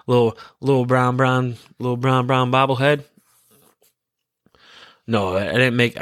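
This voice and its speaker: A man's voice: on the low side, dry recording, studio quality. A man in his thirties hosting a podcast, rambling casually in a laid-back, giggly, stoned way. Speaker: podcast host.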